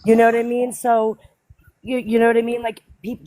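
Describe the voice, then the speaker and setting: A woman hosting a casual live stream, talking fast and insistently, often asking "you know what I mean". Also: on the high side, little pitch movement, warm tone, slight background noise. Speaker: host.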